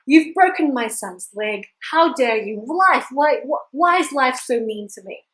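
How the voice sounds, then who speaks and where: A woman's voice: mid-range voice, expressive, brisk, husky, poor audio. A woman voicing an old village man who swings between delight and lament over his fortunes. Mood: indignant.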